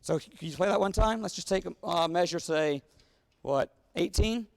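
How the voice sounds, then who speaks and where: A gravelly, high-pitched conductor speaks at normal speed while guiding a wind band through phrasing. He instructs by singing rhythms on syllables, recorded on a wireless body mic in a large hall with long reverb and music behind.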